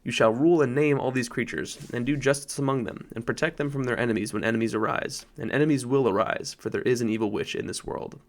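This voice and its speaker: A man voicing a great lion who speaks slowly, low and deep, with solemn kingly gravity, in an audiobook. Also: close to an everyday voice. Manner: slow, grave, low and deep. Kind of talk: audiobook narration.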